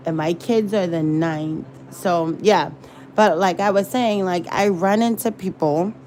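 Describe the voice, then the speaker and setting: A woman's voice: mid-range voice, dark tone, a little hiss or hum. A woman rambling and searching for words in a casual livestream chat. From American South. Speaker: livestream host.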